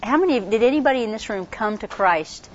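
A woman with a congested voice giving a casual workshop talk on campus ministry, chatty and quick, full of fillers and restarts. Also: fairly high pitch, animated, slight background noise. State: congested from a cold. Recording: dull lo-fi recording.

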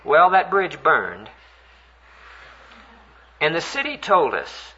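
An older man preaching a sermon, earnest and animated as he tells a story, voice climbing high when stirred. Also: slow, long pauses. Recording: dull, lo-fi recording.

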